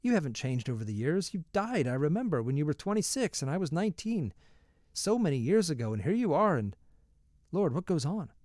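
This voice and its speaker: A man's voice: on the high side, very animated, brisk, a little mellow, no echo, studio quality, voice pushed up. A man reading aloud, voicing a stern, commanding rocket captain thrown by what he finds.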